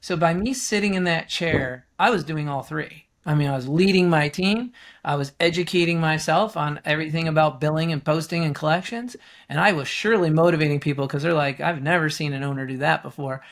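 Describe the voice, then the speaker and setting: A man's voice: on the high side, fairly quick. A middle-aged man, a guest coach on a business podcast, telling stories animatedly and acting out the people he quotes in a raised voice. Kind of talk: storytelling in a podcast interview.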